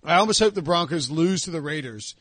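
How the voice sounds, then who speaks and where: A man hosting a sports podcast, talking in an animated, mocking, casual way. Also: fairly high pitch, a little fast, no room sound. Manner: animated, mocking, puts on voices of fans. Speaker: podcast host.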